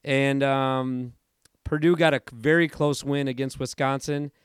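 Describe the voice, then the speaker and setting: Hoarse, chatty man hosting a podcast. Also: medium pitch, fairly even intonation, a little slow, no echo, clean studio sound. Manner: chatty and rambling, self-correcting. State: hoarse from allergies. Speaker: podcast host. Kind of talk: casual sports podcast chat.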